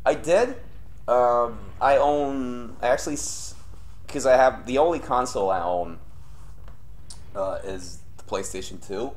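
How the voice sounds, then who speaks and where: A young man streaming live gameplay and commenting as he plays. He swears often and swings between low grumbling and sudden yelling. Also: a little slow, slight background noise. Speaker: streamer playing a horror game.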